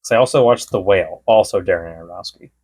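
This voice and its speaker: Low-pitched, quick and a little rough, with a darkish tone, this podcast co-host spins stories in relaxed chat. He rambles along and keeps quoting people in fragments.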